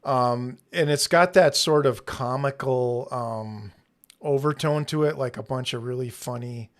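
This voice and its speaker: A man hosting a podcast in casual chat, laughing often and pausing with many ums. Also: mid-range voice. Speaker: podcast host.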